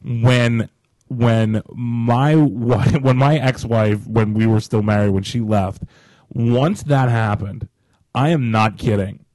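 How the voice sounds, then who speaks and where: A man's voice: medium pitch, slow, darkish tone, no echo, rough recording. A middle-aged man co-hosting a casual chat, blunt and jokey as he speaks from his own experience. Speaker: podcast co-host.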